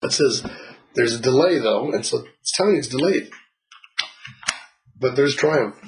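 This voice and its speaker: The speaker is a spiritual reader doing a casual reading for a client. He uses an expressive, medium-pitched voice at a normal speed, and he's blunt, swears freely, laughs often, and acts out what people say. The recording is low quality.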